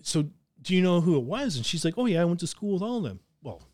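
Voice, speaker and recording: A man's voice: high voice, fast talker, no room sound, clean studio sound. A man from southern Ontario, hosting a podcast and telling profane stories with lots of laughter. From southern Ontario, Canada. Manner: profane, laughing, animated storyteller. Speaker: podcast host. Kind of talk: casual storytelling.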